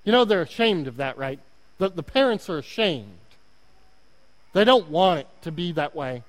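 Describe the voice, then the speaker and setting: A man with an Oklahoma accent preaches a sermon in a high, bright-toned voice. He is earnest and self-deprecating and repeats words as he presses a point. His voice rings with the long reverb of a church hall. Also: expressive, moderate pace. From Oklahoma, United States. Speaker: guest preacher.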